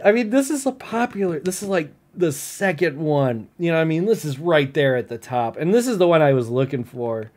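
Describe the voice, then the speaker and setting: A man's voice: sits high, lively intonation, moderate pace, a little mellow. Irritated, rambling stoned man. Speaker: vlogger. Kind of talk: live reaction vlog.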